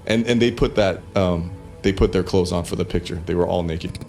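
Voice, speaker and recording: A man's voice: sits low, fairly quick, a little mellow, faint music behind. A man in his forties telling a casual anecdote in a loose, profane way, laughing easily. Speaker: guest storyteller in a played clip.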